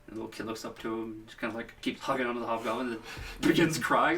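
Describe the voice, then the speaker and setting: Bright-voiced male game master. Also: medium pitch, fast, vocal fry, far from the mic. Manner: casual, filler-heavy scene description. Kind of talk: narrating a tabletop game.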